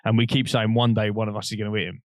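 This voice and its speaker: A young man, co-hosting a podcast and telling rambling, animated stories while laughing often. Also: on the low side, very fast, no echo, clean studio sound. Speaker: podcast co-host. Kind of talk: casual storytelling chat.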